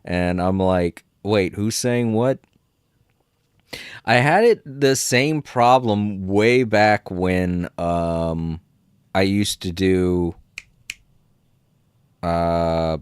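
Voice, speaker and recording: A man's voice: deep voice, extremely slow, clean tone, dry recording, clean studio sound. A man streaming a game, chatting casually and rambling, laughing often and swearing a little. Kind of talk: casual live-stream chat.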